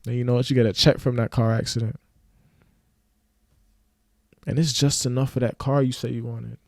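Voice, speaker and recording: A man's voice: medium pitch, level tone, moderate pace, creaky, darkish tone, no room sound, clean studio sound. A man giving a casual motivational rant to camera, slangy and preachy, now and then acting out mocking voices. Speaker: motivational vlogger.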